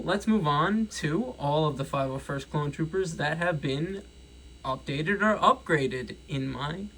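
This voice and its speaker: A young man with a New York accent talks through his toy collection in a casual vlog. His voice sits a bit high and carries a gravelly fry, and he rambles with excitement, stopping to correct himself. Faint music plays underneath. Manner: enthusiastic, rambling, self-correcting. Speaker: toy reviewer.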